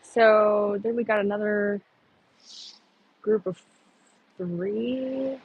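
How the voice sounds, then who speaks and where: A woman's voice: medium pitch, drawn-out words, breathy edge, phone-quality sound. A woman chatting casually on an outdoor livestream, rambling and answering viewer comments. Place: outdoors on a humid morning.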